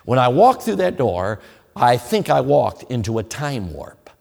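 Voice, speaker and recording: A man's voice: mid-range voice, big pitch swings, measured pace, gravelly, a little mellow, long reverb tail. A man preaching a sermon, telling a story with folksy humor and talking straight to his listeners. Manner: folksy, humorous, addresses the audience directly.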